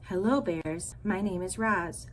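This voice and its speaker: A woman voicing a calm, polite female robot mother in a storybook reading. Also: medium pitch, measured pace, slight background noise, natural voice, rough recording. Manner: even, formal, friendly.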